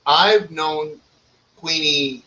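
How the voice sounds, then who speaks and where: A man hosts a loose, joking chat, swearing freely and rambling through fillers. His voice sits a little high and sounds bright and edgy. It echoes in a roomy space, picked up from some distance. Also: extremely slow. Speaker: podcast host. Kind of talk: casual chat. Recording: roomy echo, far from mic.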